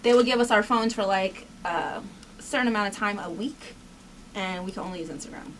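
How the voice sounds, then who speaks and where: A young woman chatting as a guest in an interview, bubbly and quick to laugh, jumping up in pitch when she quotes people. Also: fairly bright tone, distant mic, slight background noise. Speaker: reality show cast member, guest. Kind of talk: casual interview chat.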